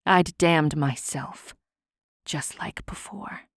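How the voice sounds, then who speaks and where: A woman voicing a wounded, vengeful male Fae king in a low, hushed, menacing half-whisper for an audiobook. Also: steady tone, measured pace, no room sound, clean studio sound.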